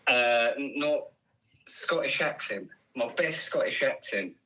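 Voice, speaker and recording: A man's voice: mid-range voice, expressive, measured pace, bright, forceful tone. A man on a phone call, good-natured, disbelieving and laughing often. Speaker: prank call target. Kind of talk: phone conversation. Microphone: phone line.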